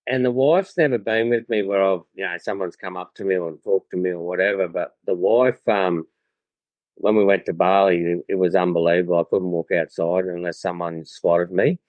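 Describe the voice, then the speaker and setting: An Australian man guesting on a podcast, telling stories in a relaxed way with many fillers and restarts. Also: sits low, moderate pace, no echo, highs cut off. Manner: laid-back storyteller, lots of fillers and restarts. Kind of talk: casual chat.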